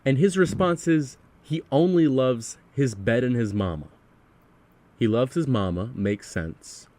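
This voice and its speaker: A man's voice: medium pitch, lively intonation, a little slow, darkish tone. A man hosting a podcast, chatting casually about music in an earnest way and asking leading questions. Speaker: podcast host.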